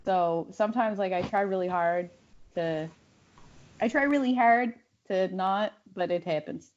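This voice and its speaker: A woman comedian with a noticeable lisp trades wry, self-mocking remarks in a relaxed podcast chat. Her voice sits at an ordinary middle pitch. The recording sounds a little dull and lo-fi. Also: unhurried. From Los Angeles. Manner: wry, self-deprecating, laughs easily. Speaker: stand-up comedian guest.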